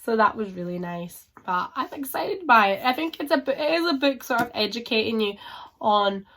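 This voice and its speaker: A woman's voice: medium pitch, fairly bright tone. Chatty, rambling woman book vlogger. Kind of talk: casual chat to camera.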